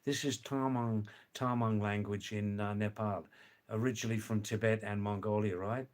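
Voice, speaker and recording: A man, hosting a casual livestream and chatting slowly, mixing in words from other languages. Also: on the low side, steady tone, darkish tone. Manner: slow, chatty, sprinkles words from several languages. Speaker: livestream host.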